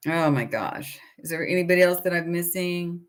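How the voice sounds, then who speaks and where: A woman's voice: lowish voice, moderate pace. A middle-aged woman hosting a casual book club livestream, talking in a chatty, rambling way and greeting viewers by name.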